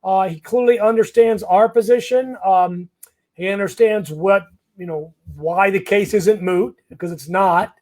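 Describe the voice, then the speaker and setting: A man's voice: high-pitched, measured pace, a little mellow, soft background music. A man working as an immigration lawyer, answering viewer comments in a live Q&A in a blunt, conversational way with lots of fillers and restarts.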